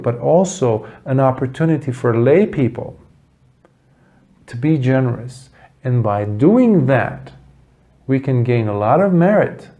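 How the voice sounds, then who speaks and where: A man giving a Buddhist dharma talk, telling a story earnestly with dramatic pauses. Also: mid-range voice, warm tone. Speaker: Buddhist teacher.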